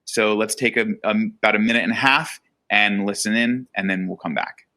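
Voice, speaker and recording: A man hosting an educational webinar, talking in a relaxed way with lots of fillers. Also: lowish voice, moderate pace. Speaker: webinar host.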